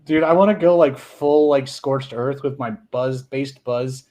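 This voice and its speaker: A man's voice: mid-range voice, a little slow, dark tone. A man chatting casually on a podcast, crude and joking, laughing often.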